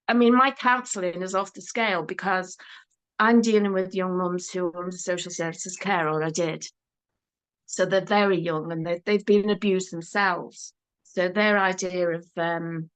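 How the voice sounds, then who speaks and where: An older woman with a Liverpool accent, a guest telling stories in a casual chat. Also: fairly low pitch. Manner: chatty, storytelling, lively.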